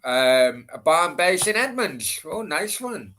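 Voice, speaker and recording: A man's voice: a little high, very animated, takes it slowly, sharp tone. A young man streaming a football watchalong, blunt and swearing at players while chatting with his viewers. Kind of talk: live match commentary and chat with viewers.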